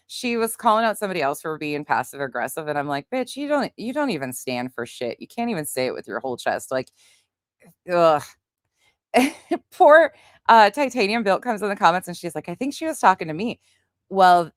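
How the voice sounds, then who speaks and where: A woman's voice: low-pitched, no room sound, clean studio sound. A woman hosting a casual livestream, greeting viewers by name and chatting bluntly with some swearing. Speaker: livestream host. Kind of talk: casual livestream chat reading comments.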